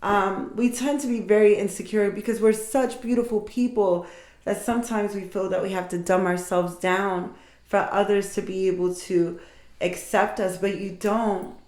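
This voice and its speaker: A woman, likely middle-aged, giving an intuitive tarot reading and speaking warmly and directly to her listeners as if comforting them. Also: medium pitch, steady tone, moderate pace. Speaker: tarot reader. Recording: echoey room.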